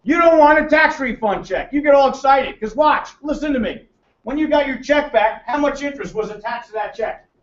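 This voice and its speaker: Brash high-voiced American man teasing a crowd. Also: fairly quick. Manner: brash, joking, quizzes the room. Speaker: seminar presenter. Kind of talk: teasing seminar talk to a live audience. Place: meeting room with audience. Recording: roomy, distant, dull room mic.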